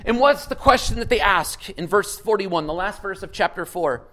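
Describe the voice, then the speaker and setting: A man's voice: sits high, lively intonation, moderate pace, bright, forceful tone, rough recording. A man preaching a sermon with energy, asking the congregation questions and reading scripture aloud with dramatic emphasis. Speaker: pastor.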